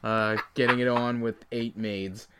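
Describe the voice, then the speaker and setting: A man's voice: mid-range voice, steady tone, a little slow, very noisy. A Canadian man co-hosting a casual podcast, joking, laughing and giving firm opinions. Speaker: podcast co-host. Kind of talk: casual chat.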